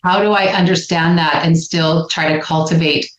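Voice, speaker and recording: A woman with a lowish voice co-hosting a podcast, animated and playful as she acts out quotes. Her audio sounds roomy and a little dull, as if recorded in an echoey space on a lo-fi mic. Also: moderate pace. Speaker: podcast co-host, relationship psychologist. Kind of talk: casual podcast conversation.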